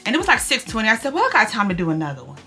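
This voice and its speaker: Bright-sounding young woman vlogging to the camera, near tears, keeps repeating herself and saying y'all, faint music underneath. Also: on the high side, wildly swooping pitch, rapid-fire. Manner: restarts and repeats words, addresses viewers as y'all. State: close to tears. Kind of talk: emotional confessional vlog.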